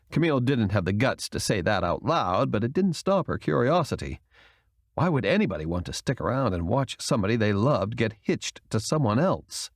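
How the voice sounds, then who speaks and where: Audiobook narrator: man, expressive and lively, dry studio sound. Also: on the low side, normal speed, vocal fry, no room sound. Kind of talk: scripted narration.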